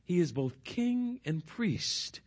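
A man preaching a sermon as pastor, putting questions to the congregation and slowing down and dropping his voice to stress key words. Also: high voice, big pitch swings. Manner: slows and drops his voice for emphasis.

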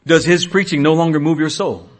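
A man in his thirties, a pastor preaching a sermon, swinging between hushed asides and loud exhortation. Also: on the high side, a little fast.

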